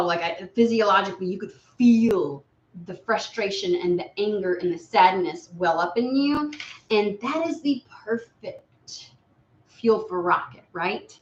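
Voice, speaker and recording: A woman giving a casual live tarot reading, blunt and profane, lively and often slipping into quoted voices. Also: medium pitch, unhurried. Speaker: tarot reader. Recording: echoey room, dull lo-fi sound.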